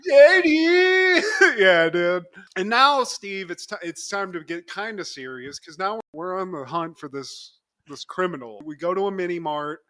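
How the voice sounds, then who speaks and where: A man co-hosting a podcast, casually recapping a TV episode, animated and acting out the characters' lines with frequent laughs. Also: high voice, moderate pace, few pauses. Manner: animated storyteller, acts out lines, laughs often. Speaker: podcast co-host.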